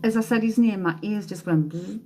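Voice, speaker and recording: A woman's voice: medium pitch, fairly quick, over music. A woman working as a psychic medium on a live stream, chatting with viewers and relaying messages, laughing often. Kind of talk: live-stream spirit reading. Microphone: phone or webcam for a live stream.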